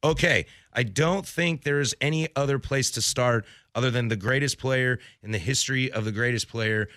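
A man's voice: medium pitch, moderate pace, no echo, clean studio sound. A young man hosting a sports radio show, joking casually with his co-host. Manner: joking, animated, does silly voices.

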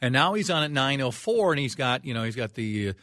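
A man's voice: mid-range voice, sing-song, fast talker, a bit bright, no room sound. A middle-aged man hosting a radio show, chatting casually in a studio, easygoing and self-mocking, tossing out open questions.

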